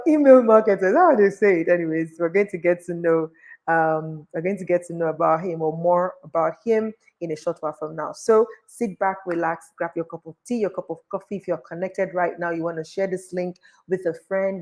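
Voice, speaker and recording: Chatty woman host, low voice. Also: a little mellow. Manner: chatty, laughs often. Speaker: podcast host. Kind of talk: live podcast interview.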